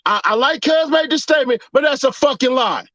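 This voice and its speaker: High-pitched man ranting, mocking. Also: expressive, fairly quick, bright, forceful tone, no echo. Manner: mocking, profane, rhetorical questions, laughing at the audience. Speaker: commentary vlogger. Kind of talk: casual ranting commentary.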